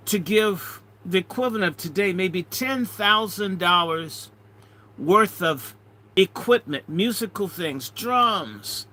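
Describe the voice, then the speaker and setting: A middle-aged man, a minister, telling a story in an animated way, swinging between loud and hushed. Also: high-pitched. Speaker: minister and speaker. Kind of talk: storytelling talk.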